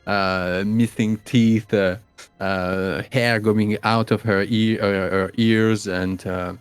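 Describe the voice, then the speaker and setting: A man narrating a tabletop game as game master, halting and searching for words. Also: lowish voice, steady tone, clear, resonant tone, no echo, soft background music. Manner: halting, full of fillers and restarts, searching for words.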